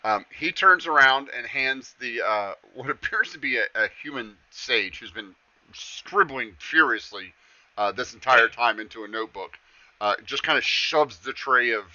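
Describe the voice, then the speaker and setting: A man narrating as game master of a tabletop game, with halting speech and many fillers. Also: mid-range voice, sharp tone, dry recording. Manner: halting, lots of fillers and restarts. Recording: dull lo-fi stream audio.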